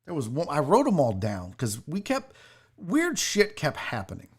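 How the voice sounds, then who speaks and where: A man's voice: on the high side, huge pitch swings, normal speed, breathy edge. A man hosting a casual show, telling a personal story and swearing now and then. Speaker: sports show host.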